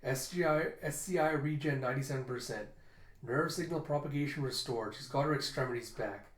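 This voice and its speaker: A man voicing a male medic who reads out clinical data flatly, in a comic book read-aloud. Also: mid-range voice, a little fast, lightly acted. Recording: roomy echo.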